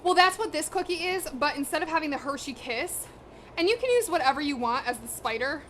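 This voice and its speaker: A woman's voice: high voice, lively intonation, brisk, fairly bright tone, slight background noise. A young woman chatting casually with her live-stream viewers while she cooks, slangy, direct and a little out of breath. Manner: chatty, slangy, talks straight to her chat. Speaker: cooking streamer. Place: home kitchen.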